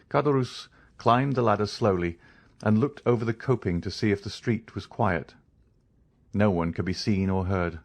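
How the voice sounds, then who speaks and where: Low-voiced male audiobook narrator. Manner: even, measured storytelling. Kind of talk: scripted narration of a classic novel.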